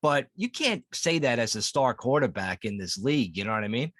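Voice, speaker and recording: A man's voice: mid-range voice, animated, a little fast, a bit bright, dry recording. Rambling man on a dry-sounding sports podcast. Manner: rambling, profane, with filler restarts. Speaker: podcast co-host. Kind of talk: casual sports chat.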